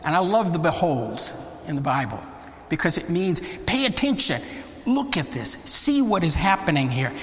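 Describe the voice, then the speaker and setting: A man preaching a Bible teaching sermon, deliberate and emphatic, often rising into exclamations. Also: on the high side, very animated, a bit bright. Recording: long reverb of a large hall.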